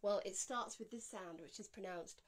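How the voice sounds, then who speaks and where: Calm woman teaching mantra pronunciation. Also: mid-range voice. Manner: calm, explanatory, slowing to a drawn-out chant on each Sanskrit word. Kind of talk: spoken pronunciation lesson with chanted examples.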